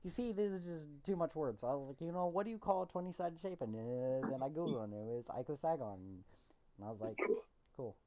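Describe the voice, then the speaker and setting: A man's voice: fairly high pitch, brisk, mellow. A young man co-hosting a casual chat over voice chat, rambling through stories and acting out quotes. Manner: rambling storyteller, acts out quotes. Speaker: podcast co-host. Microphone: voice chat headset.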